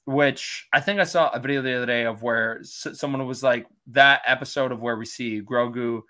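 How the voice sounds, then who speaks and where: Animated man riffing on a podcast. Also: mid-range voice, moderate pace. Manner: animated, stammers, acts out lines loudly. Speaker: podcast co-host. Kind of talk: casual fan podcast chat.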